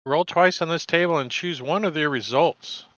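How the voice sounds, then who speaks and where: A man calling shots as game master, bright. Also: a little high, moderate pace, no echo, highs cut off. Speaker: dungeon master. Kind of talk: running a tabletop game.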